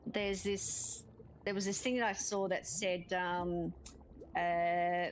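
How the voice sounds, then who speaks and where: A woman's voice: on the low side, steady tone, measured pace, slight background noise, poor audio. A woman chatting casually while playing a game, giggling often and reading game text aloud. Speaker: gaming streamer. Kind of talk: casual let's-play chat.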